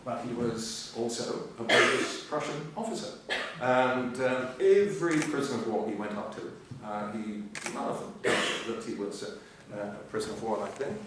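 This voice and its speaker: A man's voice: mid-range voice, normal speed, hardly any pauses. An older man giving a history lecture, full of ums and uhs, with dry humour. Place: lecture hall. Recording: echoey hall, voice from far off, faint hiss.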